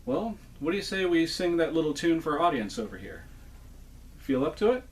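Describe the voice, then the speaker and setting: A man hosting a hands-on repair tutorial, explaining each step in a relaxed, folksy way. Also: on the high side, fairly quick, slightly rough. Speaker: toy repair host and ventriloquist.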